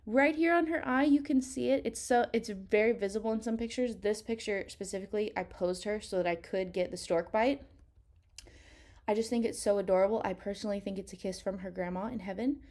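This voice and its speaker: A woman's voice: medium pitch, a little fast, a little mellow. Chatty self-mocking young woman. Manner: chatty, self-mocking, swears freely, acts out her own quotes. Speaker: photographer vlogger. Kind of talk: casual storytime chat while editing.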